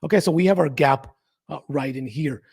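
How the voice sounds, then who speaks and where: A man's voice: fairly high pitch, normal speed, creaky, husky. A man hosting a trading channel, talking through chart analysis in a casual, emphatic way with frequent rhetorical questions. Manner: animated, emphatic, often asks rhetorical questions. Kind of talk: casual market analysis talk.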